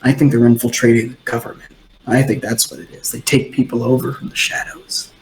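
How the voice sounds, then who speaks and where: A man voicing a gloomy tavern gossiper who mutters quietly in agreement. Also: flat delivery, brisk, lightly acted. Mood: muttering. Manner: low, muttering. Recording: roomy echo.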